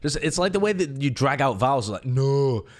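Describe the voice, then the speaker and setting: A young man with a British accent, its Birmingham roots mostly trained away, chats casually as an esports caster. His voice sits at an ordinary middle pitch, and his humour is dry and self-mocking, with frequent restarts. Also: big pitch swings, quick pace. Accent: British, softened Birmingham. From England. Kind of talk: casual chat.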